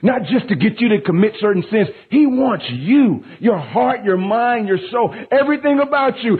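A man's voice: sits high, very animated, normal speed, hardly any pauses, breathy edge. A man in his thirties preaching a sermon, telling a story about his young daughter and then building to emphatic, impassioned peaks. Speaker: pastor. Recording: tinny phone-like sound.

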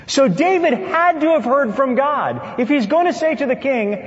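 A male preacher with a fairly high voice that swings widely in pitch as he delivers a lively sermon with playful asides. The sound is dull and carries a long reverb, as if from a big hall. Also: moderate pace.

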